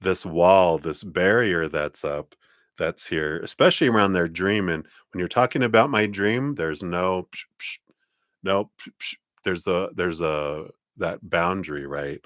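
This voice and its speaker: Deep-voiced chatty tarot reader man. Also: unhurried, a bit bright, no room sound, clean studio sound. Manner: chatty, laughs often, many fillers. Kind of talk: live-streamed tarot reading.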